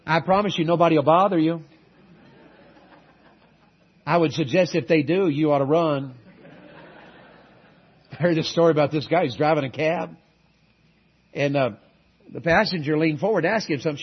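A middle-aged man delivers a sermon in a high-pitched, slightly husky voice. He calls out to the congregation for amens and moves between loud urging and soft, earnest asides. The recording sounds muffled and lo-fi. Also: moderate pace, long pauses. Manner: call-and-response preaching, shifting between loud exhortation and quiet earnest asides. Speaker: guest preacher.

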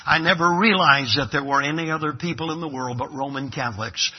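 Emphatic New preacher, husky voice. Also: male voice, fairly high pitch, fairly quick, dull audio. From Brooklyn, New York. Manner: emphatic, dramatic pulpit delivery with acted-out dialogue. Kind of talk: sermon.

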